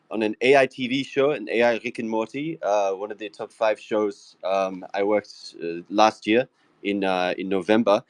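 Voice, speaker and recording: A man faking a French accent as a lonely, tobacco-loving AI meme agent, halting with many fillers and broken English phrasing. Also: fairly low pitch, clean tone, no echo, natural voice. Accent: French (put on). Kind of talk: casual group call.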